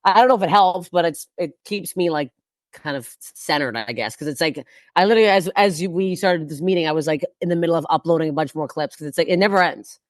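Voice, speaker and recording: A woman's voice: deep voice, fast talker, dry recording, clean studio sound. A woman comedian talking bluntly and profanely in a casual podcast chat, rambling with frequent restarts. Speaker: guest comedian.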